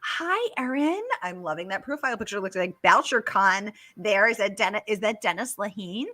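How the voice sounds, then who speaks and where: A woman's voice: medium pitch, lively intonation, moderate pace, bright, forceful tone. A woman hosting a casual live-stream Q&A, bubbly and chatty as she reads out viewer comments. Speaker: host.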